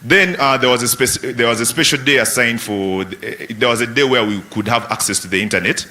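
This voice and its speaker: A man at a summit recalling his school days, amused and a bit halting. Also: medium pitch, bright, forceful tone. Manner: reminiscing, amused. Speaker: summit speaker.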